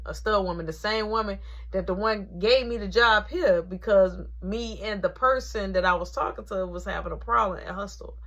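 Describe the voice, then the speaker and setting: A woman recounts a story from her job in casual, slangy talk. Her voice is bright and lively and swings widely in pitch. She acts out each line of dialogue as she goes. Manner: animated, slangy, acts out quotes.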